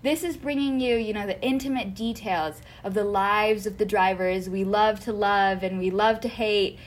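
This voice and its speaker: A woman's voice: mid-range voice, steady tone, moderate pace. A young woman co-hosting a casual podcast chat, playful and chatty, often laughing. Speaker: podcast co-host.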